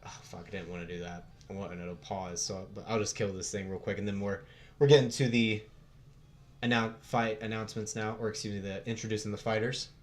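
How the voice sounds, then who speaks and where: Young man, Western American accent, relaxed streamer chat, lowish voice, faint music under. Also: a little fast. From United States. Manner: laid-back, swears casually, chuckles often. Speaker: livestream host. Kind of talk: casual livestream chat.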